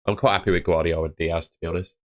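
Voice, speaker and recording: A young man talks casually on a live stream in a low-pitched, steady voice, speaking rapid-fire. He's chatty, reading out viewers' comments from the chat and answering their fantasy football questions.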